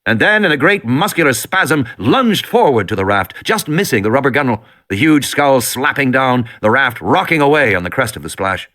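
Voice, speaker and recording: A man's voice: medium pitch, animated, normal speed, hardly any pauses, bright, forceful tone. A man reading an audiobook with dramatic, tension-building storytelling. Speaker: audiobook narrator. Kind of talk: scripted narration.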